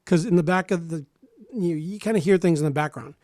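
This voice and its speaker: A man in his forties telling a personal story in casual radio talk, animated and acting out other people's lines, often restarting and repeating words. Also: a little high, brisk, no echo, studio quality. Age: 40s.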